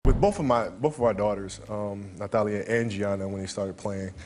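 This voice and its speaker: A man telling a casual interview anecdote, animated and acting out the dialogue. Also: lowish voice, normal speed, a little hiss or hum. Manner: animated storyteller, acts out dialogue. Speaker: interview guest.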